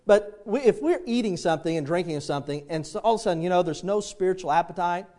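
A man's voice: high voice, quick pace, dark tone. A middle-aged man preaching a sermon, telling homely stories and acting out the voices in them. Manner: folksy storytelling, acts out quoted voices. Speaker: pastor.

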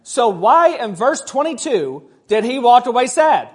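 A man's voice: very high voice, sing-song, measured pace, slightly rough. A man preaching a sermon, conversational, with frequent rhetorical questions to the congregation. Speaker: pastor.

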